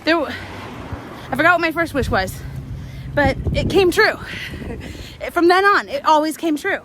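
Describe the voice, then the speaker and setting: Woman vlogging on a walk, chatty and rambly, high voice, lots of traffic noise behind. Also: animated, a little slow. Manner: chatty, rambling, with many fillers and restarts. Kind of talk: casual storytelling while walking. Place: outdoors on a city street. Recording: loud street noise around.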